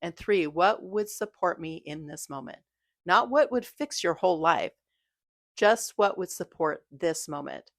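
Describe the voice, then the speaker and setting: A woman giving a gentle, reassuring scripted talk about mindfulness, coaching her listeners. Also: lowish voice, animated, unhurried, vocal fry, no room sound, studio quality. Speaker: mindfulness creator.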